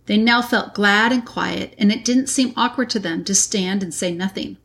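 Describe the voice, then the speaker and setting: A woman reading a classic children's novel aloud in a measured, deliberate way. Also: mid-range voice, fairly bright tone. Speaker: reader. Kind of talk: audiobook narration.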